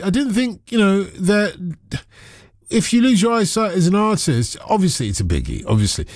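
A man's voice: high-pitched, sing-song, normal speed, darkish tone, no room sound. Man, radio host, playful, chatty, dry close mic. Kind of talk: radio phone-in chat. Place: radio studio.

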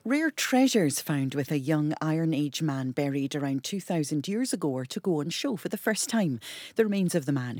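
A woman reading the news and weather on radio in a measured, clear way. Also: low voice, darkish tone, no echo, clean studio sound. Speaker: newsreader and weather presenter. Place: radio studio.

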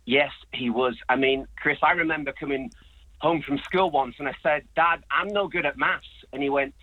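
A man's voice: on the high side, moderate pace, no room sound. A man, a priest, joining a radio show as a phone guest, keeping the talk light and chatty. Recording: tinny phone line.

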